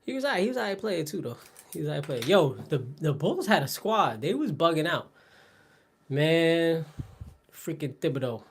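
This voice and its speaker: A man's voice: on the high side, sing-song, normal speed, vocal fry, slight background noise. A man riffs loosely with his audience on a live workout stream, telling jokes and tangents. He laughs a lot and drifts off mid-thought, talking at an easygoing, unscripted clip from an indoor home workout spot. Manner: joking, rambling banter with chat; laughs often, trails off mid-sentence. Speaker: fitness livestream host. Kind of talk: casual live-stream chat during a workout.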